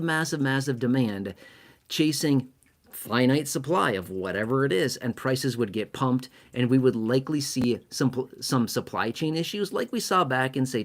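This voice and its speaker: A man giving casual money commentary to camera, emphatic and self-mocking, stacking up repeated words for stress. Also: mid-range voice. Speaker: finance commentator.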